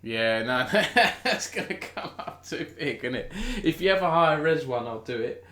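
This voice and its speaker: A man's voice: a little high, animated, normal speed, pushed and bright, echoey room. A British man hosting a casual live-streamed esports news chat. He talks in a chatty way, restarts often and thinks aloud.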